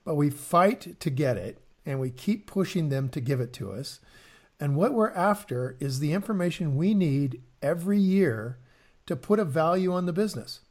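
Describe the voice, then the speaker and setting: A man's voice: fairly high pitch, lively intonation, moderate pace, darkish tone. A man co-hosting an investing podcast in casual chat, often repeating words and using fillers as he explains. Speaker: podcast co-host.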